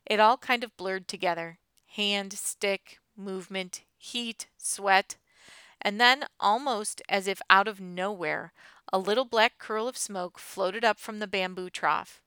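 A woman narrating a children's adventure story with expressive storytelling, recorded close to the mic. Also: mid-range voice, unhurried, clean tone, dry recording. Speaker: audiobook narrator. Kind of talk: scripted narration.

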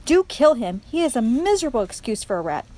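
A woman voicing a cruel, gleeful male dungeon rat who mocks loudly and theatrically. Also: medium pitch, expressive, moderate pace, lightly acted, rough recording. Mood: jeering. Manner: loud, mocking, theatrical.

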